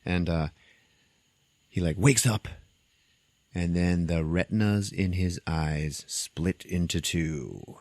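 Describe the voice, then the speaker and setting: A man's voice: low-pitched, slow, long pauses, no room sound. A man hosting a podcast, giving a casual comedic recap of a movie and acting out the scenes as he goes. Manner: animated storytelling, acting out scenes. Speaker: podcast host.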